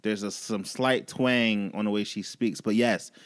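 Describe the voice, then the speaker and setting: A man's voice: on the low side, fairly even intonation, unhurried, clear, resonant tone. A man co-hosting a podcast in casual studio chat, opinionated and profane, often restarting his sentences. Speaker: podcast co-host.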